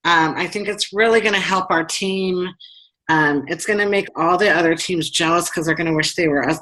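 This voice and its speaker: A woman hosts a team training over a video call. Her voice is bright and bubbly, and she chats along with lots of fillers and quick asides. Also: fairly low pitch, rough recording. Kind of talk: casual chat.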